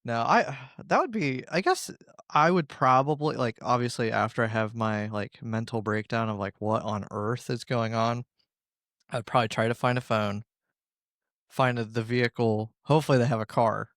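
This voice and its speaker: A man co-hosting a podcast in relaxed casual chat, laughing along often. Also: medium pitch, normal speed, no room sound, studio quality. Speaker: podcast co-host.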